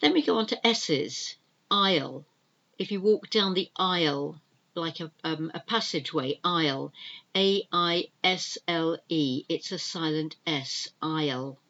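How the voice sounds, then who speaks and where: A British woman with a notably low voice teaches pronunciation, saying each word several times and spelling it out letter by letter. She is patient and unhurried. The recording sounds somewhat dull and lo-fi. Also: fairly bright tone. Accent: British English. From United Kingdom. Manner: patient, spells words letter by letter and repeats them. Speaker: podcast host teaching English. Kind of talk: slow spelled-out pronunciation lesson.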